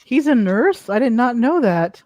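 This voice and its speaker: A middle-aged woman guest in casual chat, giggling through animated retellings. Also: fairly high pitch, unhurried.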